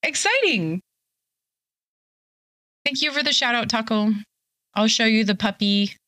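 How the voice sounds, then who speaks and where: Tipsy young woman on a live stream, gushy and chatty, bright and kinda high. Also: moderate pace, dry recording. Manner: bubbly, gushing, reads chat aloud. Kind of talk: casual live-stream chat.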